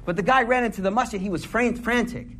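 A man's voice: high-pitched, fast talker, fairly bright tone, slight background noise. A man giving a casual sermon. He tells stories in a slangy, conversational way and keeps asking the audience questions. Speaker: Muslim speaker giving a talk.

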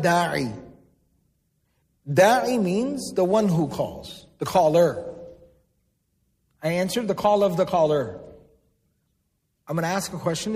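A man delivers a sermon in a high, clear register, pausing to ask his listeners questions and repeating key words for emphasis. His voice carries a long reverb from a large hall. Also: darkish tone. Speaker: Islamic preacher.

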